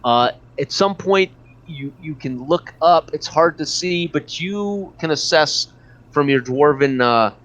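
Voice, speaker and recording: A man narrating as game master in a tabletop game, describing scenes with frequent pauses and fillers. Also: on the high side, expressive, a bit bright. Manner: hesitant, many fillers and restarts. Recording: dull lo-fi recording.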